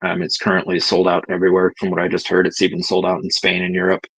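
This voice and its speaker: A man with a very deep, gravelly voice and a husky edge talks in a laid-back, candid way. He swears casually as he chats on a livestream. The sound is dry and close. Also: completely flat delivery, quick pace, a bit bright, no room sound, low-quality recording. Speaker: cannabis breeder guest.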